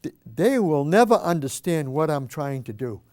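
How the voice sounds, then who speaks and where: A man voicing an earnest male painter who calmly explains why he paints. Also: on the high side, moderate pace. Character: earnest male painter defending his art.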